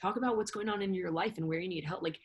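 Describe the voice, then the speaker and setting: A woman talking as an interview guest, rambling and animated, with many fillers and restarts. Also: lowish voice, rapid-fire, breathy edge. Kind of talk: casual interview chat.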